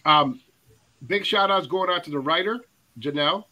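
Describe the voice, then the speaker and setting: An enthusiastic man hosting a music countdown chat. His voice sits a little high and sounds bright and forceful, with plenty of fillers. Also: normal speed, low-quality recording. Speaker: radio countdown host. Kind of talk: casual panel chat.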